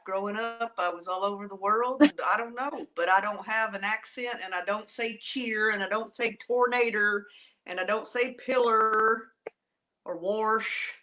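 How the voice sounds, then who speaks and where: A woman's voice: mid-range voice, fairly quick, hardly any pauses, bright, forceful tone. A woman, a guest musician, chatting and teasing playfully over a video call. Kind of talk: casual chat.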